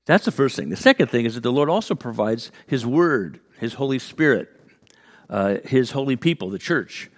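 Animated male pastor telling a story. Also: medium pitch, normal speed. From California. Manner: animated storyteller, acts out quotes, many fillers and restarts. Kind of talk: sermon with storytelling.

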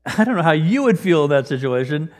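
A man preaching a sermon in a conversational way, growing animated as he acts out scripture. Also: fairly high pitch, fast talker. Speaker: pastor. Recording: long reverb of a large hall.

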